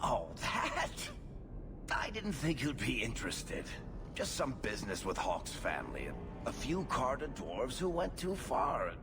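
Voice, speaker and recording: A man's voice: mid-range voice, wildly swooping pitch, a little slow, over music. An actor playing a wry male dwarf storyteller in a fantasy game, dry and offhand.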